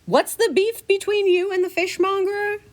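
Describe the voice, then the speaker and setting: A woman's voice: extremely high pitch, level tone, normal speed, pitched above the performer's own voice. Woman voicing an eager, curious adventurer. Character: eager young adventurer, the listener.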